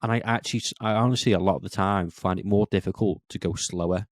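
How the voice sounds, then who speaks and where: A man with a deep, low voice talks quickly in a relaxed podcast chat. He gets animated, jumping up in pitch to act out quoted remarks, and the sound is dry and close. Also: dry recording. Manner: animated, acts out quoted lines in a raised voice. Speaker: podcast co-host. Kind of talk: casual chat.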